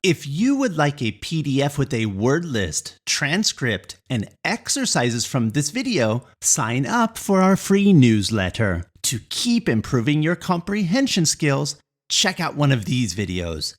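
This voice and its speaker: Online English teacher, careful and clear, unhurried delivery. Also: medium pitch, wildly swooping pitch. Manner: careful, clear explaining with examples. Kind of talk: explanatory online lesson.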